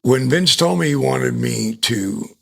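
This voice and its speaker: An older man, a retired wrestler, telling profane, animated stories as a guest in a casual interview. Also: medium pitch, unhurried. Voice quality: gravelly, husky. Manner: animated, profane, acts out voices.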